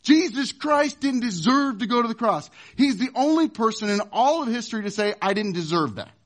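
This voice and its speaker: A male pastor delivering a sermon. His voice sits high, and he preaches emphatically, pushing some points hard and dropping others to a hush. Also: expressive, a little fast. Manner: emphatic preaching, wide swings from loud to hushed.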